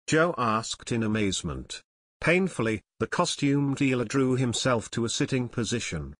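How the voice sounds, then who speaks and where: A man narrating an audiobook in a steady, even storytelling manner, close to the mic. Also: mid-range voice, moderate pace, no echo.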